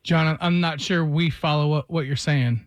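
A curious male co-host asks probing questions in a high voice for a man. The sound is dry and close, with no room around it. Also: fairly even intonation, normal speed, no echo. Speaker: radio co-host.

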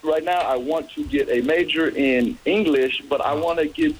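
Laid-back young man, relaxed chat. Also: on the high side, moderate pace, slight background noise, low-quality recording. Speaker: guest. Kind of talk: casual chat.

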